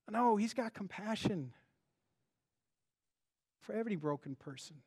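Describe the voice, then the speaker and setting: Male pastor, very high-pitched, chatty animated sermon delivery. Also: unhurried, pauses often, slightly rough. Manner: conversational, animated, with frequent restarts and rhetorical questions.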